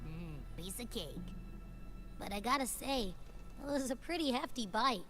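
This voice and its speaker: A woman voicing a small, cheeky, gluttonous companion creature in a game, with a raspy voice and a boastful, chatty manner. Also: on the high side, lively intonation, measured pace, fairly bright tone. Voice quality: raspy smoker-like voice. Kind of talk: game voice acting. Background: music.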